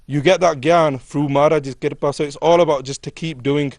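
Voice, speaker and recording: A man's voice: fairly high pitch, steady tone, fairly quick, vocal fry, darkish tone, clean studio sound. A British man on a panel, giving a casual, persuasive spiritual talk to a congregation in a gurdwara hall with rhetorical questions. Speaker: panel speaker.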